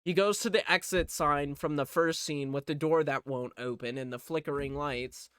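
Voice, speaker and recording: A man reviewing a movie in a laid-back, unhurried way, peppering his plot recap with swearing and deadpan sarcasm. His voice sits a little high and sounds clean and smooth. The sound is dry and close, with no room around it. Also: no echo. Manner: profane, offhand, jokey sarcasm.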